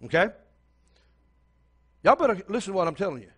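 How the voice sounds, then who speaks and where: A man's voice: high voice, big pitch swings, a little fast, breathy edge. An older man preaching a sermon as pastor, telling a story and speaking straight to the congregation.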